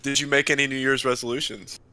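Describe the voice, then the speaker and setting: A man's voice: mid-range voice, flat delivery, fast talker, bright, forceful tone. A young man co-hosting a gaming podcast, sick and nasal, easygoing and agreeable. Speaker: podcast co-host. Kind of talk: casual gaming podcast chat.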